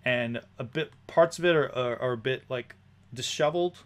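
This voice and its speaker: A man's voice: mid-range voice, moderate pace. A man narrating a tabletop game as game master, describing scenes with hesitant fillers.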